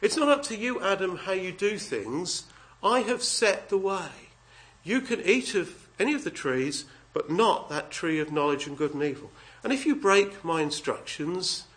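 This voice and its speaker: A man with a fairly high voice preaches earnestly, stressing his points and reading scripture passages aloud. His delivery is emphatic and steady, with a slight lilt. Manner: earnest, emphatic, reads scripture aloud in King James wording. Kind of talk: sermon.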